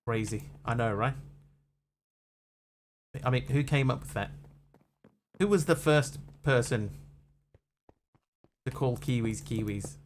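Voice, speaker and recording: A man's voice: medium pitch, slow pace, long pauses, slight background noise. Chatty Australian-accented male streamer. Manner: chatty, reads out chat and trivia, playful puns. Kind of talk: casual live-stream chat.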